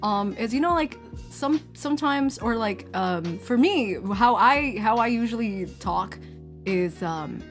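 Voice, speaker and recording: A woman's voice: on the high side, animated, a little slow, faint music behind. A woman hosting a VTuber stream, telling stories animatedly in casual chat, breaking into laughs and voiced quotes.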